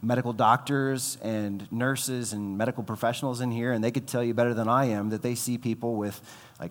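Man preaching in a reverberant hall. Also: mid-range voice. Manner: conversational, filler-heavy, acts out quoted voices. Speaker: pastor. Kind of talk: sermon.

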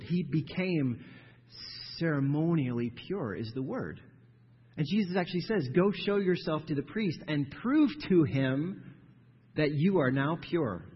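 Husky-voiced man preaching in a hall. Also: medium pitch. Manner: emphatic, builds to forceful stressed phrases, repeats words. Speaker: pastor. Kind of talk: sermon. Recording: dull sound with long hall reverb.

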